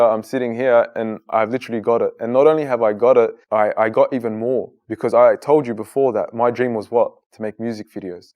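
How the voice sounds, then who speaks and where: A man's voice: medium pitch, a little mellow. A man in his thirties, a guest in an interview, telling his personal story in an earnest, conversational way with lots of casual fillers. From Australia. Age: 30s.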